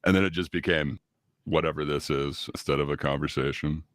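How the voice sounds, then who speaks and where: Very deep-voiced, laid-back man. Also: fairly even intonation, fairly quick, dry recording, clean studio sound. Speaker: debate participant and guest. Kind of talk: casual group chat.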